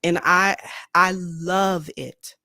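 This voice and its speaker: Her voice fairly low and sharp in tone, a woman speaks extremely slowly with fairly even intonation as she co-hosts a casual faith talk show. She's blunt and outspoken, repeating herself, and the streaming-microphone recording is studio quality with no room sound.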